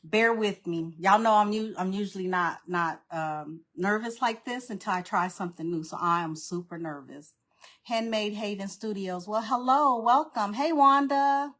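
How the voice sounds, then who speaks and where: A woman's voice: medium pitch, moderate pace, fairly bright tone. A woman with a mid-range voice hosting a live crafting stream, chatting informally with viewers. She greets people by name and keeps saying how nervous she is. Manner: informal, uses "y'all" and "girl". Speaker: craft livestream host. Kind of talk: casual live craft demo chat.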